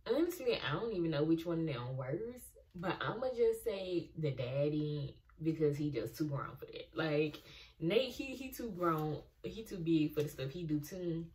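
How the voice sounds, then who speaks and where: Lower-voiced young woman ranting about a tv show, kinda far from the mic. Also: normal speed. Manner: animated, exasperated, talks back to the characters. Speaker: reaction video host. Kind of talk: casual TV reaction commentary.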